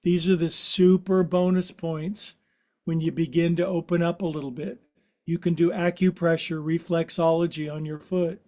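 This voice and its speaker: A man's voice: on the high side, flat delivery, normal speed, mellow. A man in his sixties leading a guided yoga class, giving instructions in a playful, joking, chatty way. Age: 60s. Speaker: yoga teacher.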